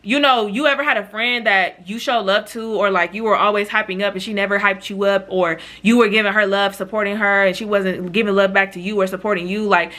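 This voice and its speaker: A woman's voice: medium pitch, bright, forceful tone. A woman vlogger telling a chatty storytime with lots of slang, talking straight to her viewers. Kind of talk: storytime vlog.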